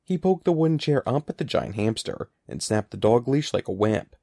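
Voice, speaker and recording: A man reading a children's story aloud with a lively, rising and falling delivery. His voice carries a gravelly texture, and the recording is close and dry with no room sound. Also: medium pitch, normal speed, no echo. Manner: expressive, animated reading. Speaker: narrator. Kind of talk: audiobook reading.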